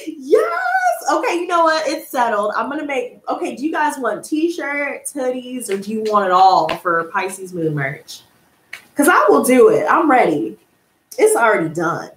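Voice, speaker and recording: An excitable woman runs a live tarot stream and calls her viewers girl and honey. Her voice is fairly high and swoops a lot as she drags out her words. The room is echoey, with a faint hiss behind her. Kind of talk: live-stream chat reading viewer comments.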